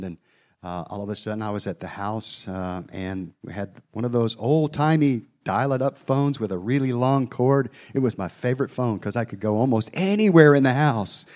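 A man's voice: lowish voice, darkish tone. A middle-aged man preaching a sermon, telling a personal story in a folksy way, with asides to his listeners.

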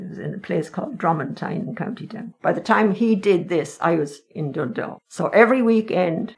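A woman's voice: deep voice, vocal fry. An older Irish woman telling stories of her family's past in a frank, wry, conversational way. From Ireland. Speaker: interviewee. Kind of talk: reminiscing storytelling.

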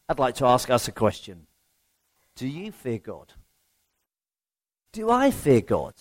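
Male preacher, slightly high voice, chatty sermon delivery with self-mocking asides. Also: very animated, normal speed. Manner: rhetorical questions, self-deprecating humour. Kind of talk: conversational sermon.

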